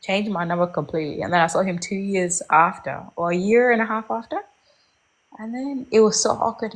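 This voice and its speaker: A woman's voice: mid-range voice, brisk. A young woman casually telling a personal dating story, rambling and candid, with many fillers and restarts.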